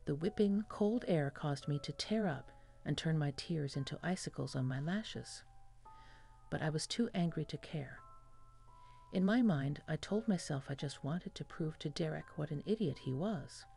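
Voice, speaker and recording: A woman's voice: sits low, animated, moderate pace, gravelly, warm tone, soft background music. A woman reading a first-person horror story as scripted narration.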